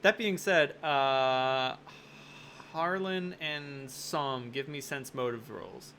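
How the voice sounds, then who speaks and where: Bright-voiced, cussing game master. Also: male voice, medium pitch, takes it slowly, slight background noise. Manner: casual, swears freely, explains with lots of "like". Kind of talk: running a tabletop game.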